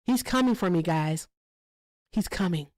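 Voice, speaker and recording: A woman hosting a casual livestream, telling stories in a profane, animated way with sudden jumps in pitch. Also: measured pace, no echo, low-quality recording. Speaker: livestream host.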